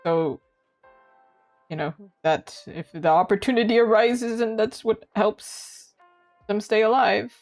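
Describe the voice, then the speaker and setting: A young Canadian woman chats loosely through a live art stream, laughing often and letting her voice jump up and down. Her pitch sits in an ordinary middle range. Quiet music plays under her voice. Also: slow. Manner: chatty and giggly, lively swings in pitch. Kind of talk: casual live-stream chat. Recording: faint music behind.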